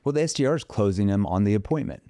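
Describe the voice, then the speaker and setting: A man's voice: fairly low pitch, expressive, very fast, warm tone, dry recording, studio quality. A man talking as a sales trainer guest in a podcast interview, emphatic, acting out sample phone calls in an upbeat voice.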